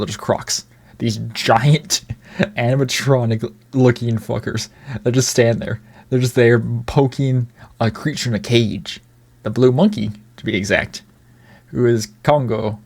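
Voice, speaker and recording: A man's voice: mid-range voice, a little mellow. A man giving casual commentary on a film, rambling with many restarts, swearing now and then, bemused and chuckling. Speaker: video reviewer.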